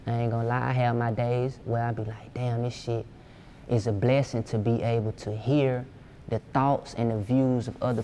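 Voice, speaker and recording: A man's voice: mid-range voice, warm tone, slight background noise. A young man from Georgia, a music producer talking casually and profanely in an interview. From Georgia, USA. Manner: laid-back, slangy, profane.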